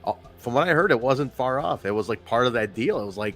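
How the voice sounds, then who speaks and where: A man talks casually on a podcast, rambling and swearing freely and laughing along the way. His pitch sits mid-range but swings widely, and faint music plays underneath. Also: expressive, fast, fairly bright tone. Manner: rambling, profane, laughs often. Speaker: podcast co-host. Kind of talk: casual wrestling review chat.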